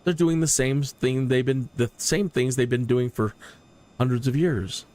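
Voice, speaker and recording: A man's voice: mid-range voice, unhurried, a little mellow. Rambling opinionated man streaming. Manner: rambling, opinionated, repeats words. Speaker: flight sim streamer. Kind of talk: casual livestream commentary.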